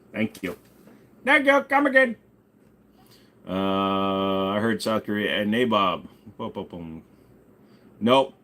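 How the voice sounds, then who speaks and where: A man with a fairly low-pitched, bright and forceful voice hosts a casual ask-me-anything livestream. The streamer jokes, swears and reads chat while bidding on items.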